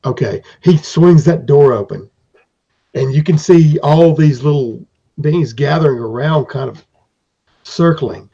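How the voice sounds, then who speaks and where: A man narrates an improvised tabletop adventure as game master, rambling with fillers and restarts. His voice is gravelly, husky and dark. The recording is dull and lo-fi. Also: on the high side, unhurried.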